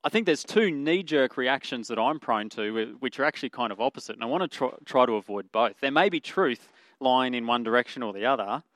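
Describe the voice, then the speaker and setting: A man's voice: medium pitch, expressive, brisk, few pauses, fairly bright tone, dry recording. Earnest man preaching, dry close sound. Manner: earnest, conversational preaching with fillers and self-corrections. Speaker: pastor. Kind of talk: sermon.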